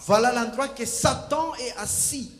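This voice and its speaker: Hesitant high-voiced male interpreter, echoing church. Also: normal speed, a bit bright, soft background music. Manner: hesitant, with frequent fillers. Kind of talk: live sermon interpretation. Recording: church hall with long reverb.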